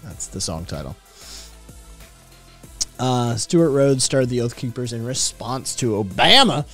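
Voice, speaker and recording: A man's voice: medium pitch, sing-song, unhurried, fairly bright tone. Podcast host, male, loose profane rambler, faint music in the background. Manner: profane, rambling, reacting to chat. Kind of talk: casual livestream chat.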